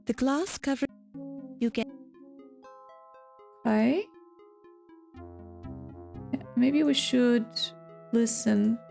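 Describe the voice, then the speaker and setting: A woman's voice: fairly high pitch, gravelly, warm tone. A woman streaming a game, chatting and reading its text aloud with stumbles and restarts. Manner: unhurried, reads with stumbles and restarts. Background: faint game music.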